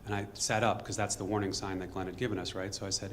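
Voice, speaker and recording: A man telling a true story on stage to a live audience in a fast, conversational way, acting out bits of dialogue. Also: on the low side, little pitch movement, slight background noise.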